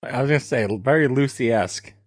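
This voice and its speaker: A man's voice: mid-range voice, brisk, no echo. A man chiming in on a podcast with dry one-line quips in casual chat.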